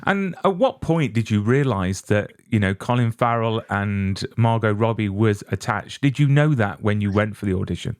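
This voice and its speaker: A British man hosts the interview in a chatty, easygoing way and jokes at his own expense. His voice sits low and sounds close and dry, with no room echo. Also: expressive, normal speed, hardly any pauses. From Britain. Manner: chatty, self-deprecating. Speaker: interview host. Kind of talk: casual interview.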